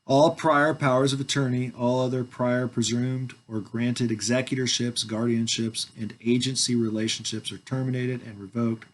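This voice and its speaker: Guy in his 40s from washington on a headset mic, reads legal stuff out loud, kinda mumbly, trails off, jokes around between lines, average pitch. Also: little pitch movement, moderate pace, hardly any pauses. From Washington, United States. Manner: playful, joking asides between formal reading. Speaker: video host reading his own documents. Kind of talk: reading a legal declaration aloud with casual asides.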